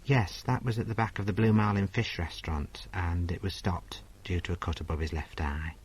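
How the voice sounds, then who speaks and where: A man playing a husky, bawdy agony aunt. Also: lowish voice, fairly quick, lightly acted, low-quality recording. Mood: boastful. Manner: blunt, bawdy, mock-sincere. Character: brassy crude woman agony aunt. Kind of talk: comedy sketch, reading letters.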